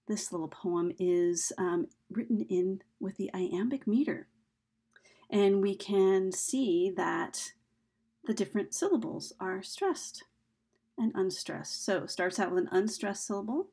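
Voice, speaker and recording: A woman talks through poetic rhythm like a teacher in a relaxed lesson, pausing on ums and restarting her phrases. Her voice is gravelly and a little husky. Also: medium pitch. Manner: chatty and explanatory, with frequent ums and restarts. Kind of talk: casual lesson on poetry meter.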